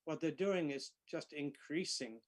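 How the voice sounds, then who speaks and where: A man's voice: fairly high pitch, unhurried. An English man, a physicist guest, chatting with dry joking understatement. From England. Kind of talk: casual chat.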